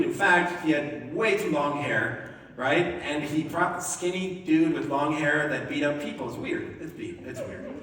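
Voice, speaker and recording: A man delivers a casual, animated sermon, slipping into voices for the characters and laughing along with the congregation. His voice sits a little high and he sounds distant from the microphone. A long hall reverb fills the church around him. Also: slight background noise. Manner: animated and jokey, acting out voices, laughs often. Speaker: pastor. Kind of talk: lively conversational sermon. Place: church sanctuary. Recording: echoey hall, distant mic.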